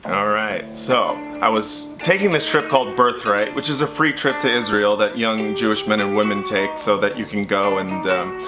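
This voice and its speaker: A man's voice: on the low side, normal speed, hardly any pauses, music in the background. A man doing stand-up comedy, telling a story and acting out the voices in it. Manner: animated, acts out voices in his story.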